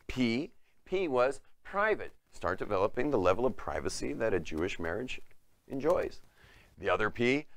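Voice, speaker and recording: A middle-aged man, a rabbi, giving a talk and acting out the people in his story with lively delivery. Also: on the low side, dry recording. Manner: animated storyteller who acts out quoted voices.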